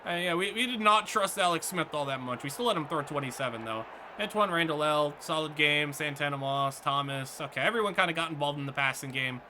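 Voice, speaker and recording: A man giving excitable let's-play commentary on a football video game, reacting aloud to each play. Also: fairly high pitch, brisk, slight background noise. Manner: excitable, talks back to the game. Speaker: gaming YouTuber.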